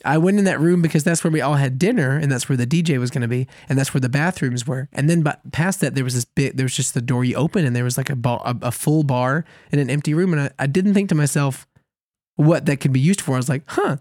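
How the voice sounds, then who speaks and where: A man co-hosting a podcast, telling a long story in a casual, animated way, laughing at himself often. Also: medium pitch, quick pace, no echo, studio quality. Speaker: podcast co-host.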